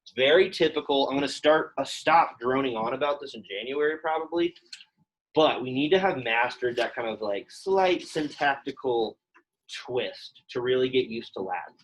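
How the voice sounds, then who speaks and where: Here a young male Latin teacher speaks at a mid-range pitch and moderate pace, sounding animated. His grammar explanation is chatty and filler-heavy, aimed at students in the room and online, and the recording is rough.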